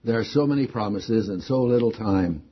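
A man's voice: on the low side, moderate pace, breathy edge, muffled recording. A man preaching a sermon, stressing key words again and again with rising emphasis.

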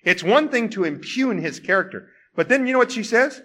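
A man preaching a sermon, asking rhetorical questions and swinging from loud exclamations to hushed tones. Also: high-pitched, lively intonation, a little fast.

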